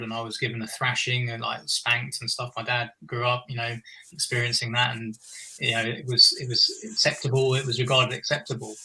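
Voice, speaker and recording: A man's voice: mid-range voice, pushed and bright, rough recording. A man speaking as a guest in a reflective conversation, earnest and meandering, often restarting his sentences.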